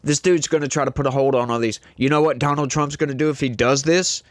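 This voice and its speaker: A man's voice: medium pitch, steady tone, quick pace. A man hosting a casual political commentary show, speaking emphatically and indignantly straight to his viewers.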